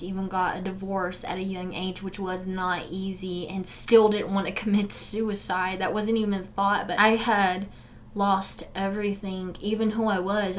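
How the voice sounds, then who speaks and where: A woman's voice: medium pitch, a little hiss or hum. Earnest young woman speaking to viewers. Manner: earnest and emotional, addresses viewers directly; swings from forceful urging to soft, subdued recollection. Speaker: vlogger sharing a personal story. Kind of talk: candid direct-to-camera storytelling.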